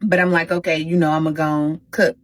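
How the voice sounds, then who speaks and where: A woman hosting a casual storytime vlog, talking straight to her viewers in an animated, slangy way. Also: deep voice, a little fast, dry recording, poor audio. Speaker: storytime host.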